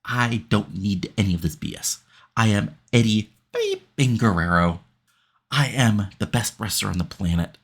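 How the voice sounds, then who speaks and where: A man's voice: fairly low pitch, wildly swooping pitch, moderate pace, vocal fry, exaggerated voice. A man voicing an angry veteran male wrestler cutting a defiant backstage promo in a sim-game playthrough.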